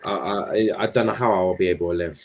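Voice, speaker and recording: A man's voice: low-pitched, steady tone, fairly quick, vocal fry, dull audio, slight background noise. A man hosting a live football stream, chatting casually with loose banter, swearing and restarts. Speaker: stream host.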